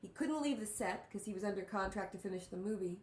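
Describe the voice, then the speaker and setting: Animated woman telling a story in an echoey room. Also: medium pitch, fast. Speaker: host. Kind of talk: casual storytelling chat.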